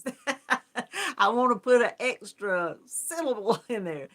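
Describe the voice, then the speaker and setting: A woman's voice: on the high side, big pitch swings, slow pace, fairly bright tone. A woman hosting a casual live-stream chat, greeting viewers one by one and laughing often. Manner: chatty, friendly, laughs often. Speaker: yarn crafts channel host.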